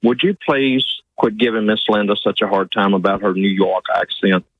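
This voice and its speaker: Southern trucker calling in, polite, says sir a lot, dull lo-fi phone sound. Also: male voice, lowish voice, flat delivery, normal speed, no room sound. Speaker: caller, truck driver. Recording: muffled phone line.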